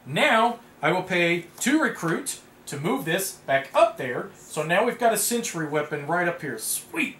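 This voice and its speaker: Animated man reading game cards aloud. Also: high-pitched, unhurried, hardly any pauses. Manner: animated, reads card text aloud, bursts of excited outcries. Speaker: board game player. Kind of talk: casual tabletop game playthrough. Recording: echoey room with background noise.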